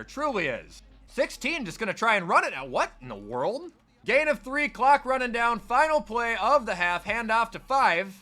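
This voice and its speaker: An excitable man calling a football video game like a sportscaster, his high, bright voice leaping around in pitch. He bursts into shouts on the big plays, with faint music underneath. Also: normal speed. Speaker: gaming content creator. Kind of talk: mock play-by-play commentary over a video game.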